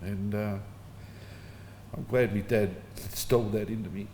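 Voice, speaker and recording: Middle-aged Aussie man, lowish voice, easygoing anecdotal eulogy, roomy hall with faint background hum. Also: fairly even intonation, unhurried, a little mellow. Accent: Australian. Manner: casual storytelling, chuckling between anecdotes. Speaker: son giving a eulogy. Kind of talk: informal funeral eulogy. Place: funeral service hall. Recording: echoey hall with faint ambience.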